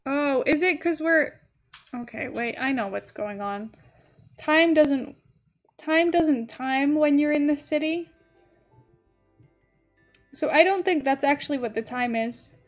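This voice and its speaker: Woman, high-pitched, gaming livestream, casual chat, giggly, chatty. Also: slow, long pauses, faint music behind. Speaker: streamer.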